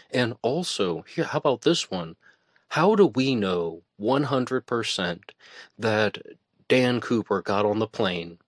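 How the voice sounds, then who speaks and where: Deep-voiced man musing on a podcast. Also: no echo, clean studio sound. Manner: conversational, musing aloud with hesitations. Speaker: podcast host. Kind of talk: casual solo commentary.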